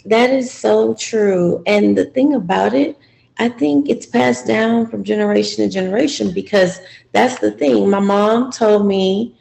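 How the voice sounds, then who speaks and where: Brief: woman participant, very gravelly, mellow tone, reflective testimony. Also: mid-range voice, unhurried, low-quality recording. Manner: reflective, hesitant. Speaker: seminar participant. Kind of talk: personal testimony.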